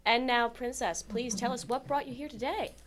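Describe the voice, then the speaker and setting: A woman hosting a satirical community TV talk show, introducing guests in a bright, mock-earnest tone. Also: on the high side, moderate pace, noisy background. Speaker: host. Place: community TV studio.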